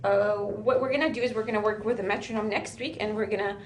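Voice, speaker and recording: A woman's voice: mid-range voice, steady tone, fast talker. A woman teaching a drum lesson, talking patiently and often checking with "right?". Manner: patient, counts beats aloud, says "right?" often. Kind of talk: music lesson for a student. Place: music school room with a drum kit. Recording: echoey room with loud drums. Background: drum playing.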